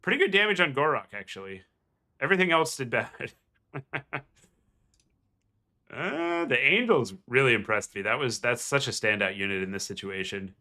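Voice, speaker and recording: A man's voice: medium pitch, very animated, normal speed, pauses often, bright, forceful tone. A man casting a strategy game match in a casual, rambling way, with a nasal voice and lots of fillers and restarts. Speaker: game commentator. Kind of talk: casual gameplay commentary.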